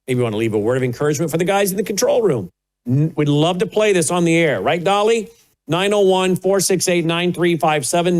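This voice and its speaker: A man's voice: fairly high pitch, expressive, a little fast, poor audio. A man hosting a talk broadcast, signing off and chatting playfully to his studio dog. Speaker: host. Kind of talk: broadcast talk show sign-off.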